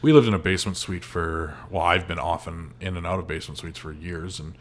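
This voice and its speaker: A man's voice: sits low, fairly quick. A man, chatting as a podcast guest in a joking, blunt way and swearing casually.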